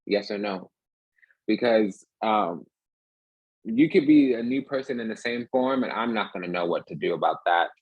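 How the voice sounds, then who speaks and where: Husky-voiced man giving a rambling tarot reading. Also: on the low side, animated, normal speed, no room sound, lo-fi sound. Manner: rambling and emphatic, restless. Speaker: tarot reader.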